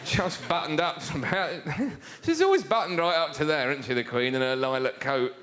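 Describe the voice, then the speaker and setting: A man's voice: a little high, expressive, normal speed, fairly bright tone. A man from England, telling stories in a wry stand-up routine. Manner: wry, storytelling. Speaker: stand-up comedian.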